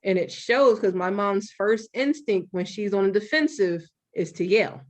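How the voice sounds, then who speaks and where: A young adult woman hosting a podcast, talking frankly and with some profanity in an animated, storytelling way. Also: medium pitch, normal speed. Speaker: podcast host. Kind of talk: candid podcast conversation.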